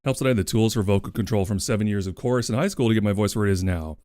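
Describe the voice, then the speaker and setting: A man's voice: on the low side, very fast, mellow, no echo, clean studio sound. A man streaming, chatting casually and playfully, thanking viewers by name. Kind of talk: casual livestream chat.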